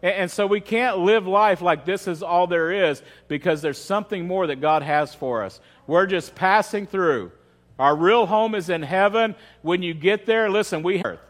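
A pastor with a voice that sits high delivers a conversational sermon at a church service at a moderate pace. He often asks the audience questions and repeats words as he starts sentences.

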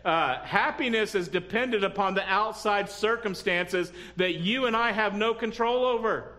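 A man's voice: high-pitched, moderate pace, pushed and bright. A man preaching a sermon who often checks in with the congregation and adds humorous asides. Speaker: pastor.

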